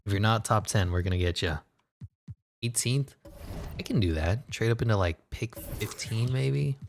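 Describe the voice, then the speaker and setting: A man giving casual, excitable commentary over a basketball video game, joking, laughing and swearing as he plays. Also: fairly low pitch, normal speed, vocal fry, soft background music. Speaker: gaming commentator.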